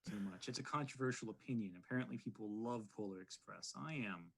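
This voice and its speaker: A man's voice: lowish voice, quick pace, vocal fry, a bit bright, husky. A young man appearing as a guest writer on a podcast over a video call, chatty, opinionated and self-deprecating. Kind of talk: casual podcast conversation.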